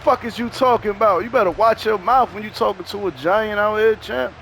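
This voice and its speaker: A man's voice: high-pitched, brisk, creaky, fairly bright tone. A man trash-talking his opponent during a video game, boastful and taunting, repeating his jabs over and over. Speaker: gamer playing online.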